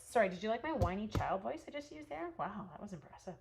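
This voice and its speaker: A woman's voice: mid-range voice, sing-song, fast talker, gravelly, few pauses. A woman hosting a live craft demonstration. She chats casually with her viewers as she works and answers their comments. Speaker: host demonstrating card stamping. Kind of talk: live craft demo with chat.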